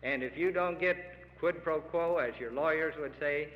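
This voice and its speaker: A man's voice: on the high side, normal speed, a little hiss or hum. A middle-aged man giving an earnest, emphatic public speech to farmers, pleading with his audience. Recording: lo-fi archival radio recording with long hall reverb.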